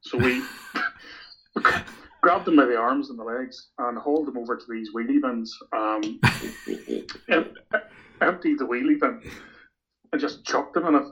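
A man's voice: medium pitch, unhurried, pauses often, fairly bright tone. A middle-aged Irish man telling a long anecdote in casual chat, with laughs and stumbling restarts. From Ireland. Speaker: guest. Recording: dull lo-fi recording.

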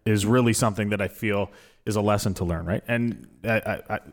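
A man's voice: lowish voice, brisk. A young man hosting a casual chat in a broadcast studio, telling a story and acting out the people in it. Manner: animated storyteller who acts out quoted people with a raised voice. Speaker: host. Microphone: studio microphone.

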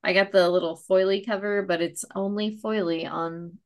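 A woman's voice: mid-range voice, steady tone, moderate pace. A woman hosting a casual comic book chat, rambling and swearing casually as she reviews each issue. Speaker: comic book podcast host.

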